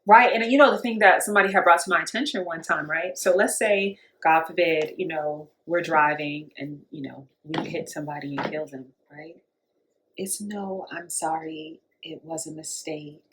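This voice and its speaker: A woman in casual podcast conversation, a somewhat low voice, often chiming in and completing her co-host's thoughts. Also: steady tone, brisk, few pauses, a bit bright. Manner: chimes in with short agreements and finishes her co-host's points. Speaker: podcast co-host. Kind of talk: casual discussion.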